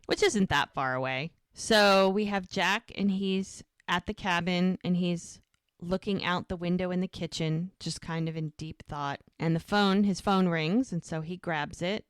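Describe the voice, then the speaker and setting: A woman's voice: lowish voice, measured pace, smooth, no echo, clean studio sound. A woman co-hosting a podcast, casually retelling a TV episode scene by scene in a run-on storytelling way. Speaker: podcast co-host.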